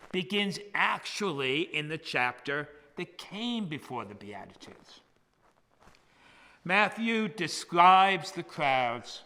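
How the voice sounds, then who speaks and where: An older man, a priest who was once a hospital chaplain, preaching a measured, emphatic sermon that drops to a hush on key words, in a church. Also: fairly high pitch. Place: church sanctuary. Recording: long church reverb.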